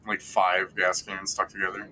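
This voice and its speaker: A man's voice: low voice, monotone, moderate pace, sharp tone, a little hiss or hum, rough recording. A man running a tabletop game over voice chat, laid-back and swearing casually. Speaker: game master.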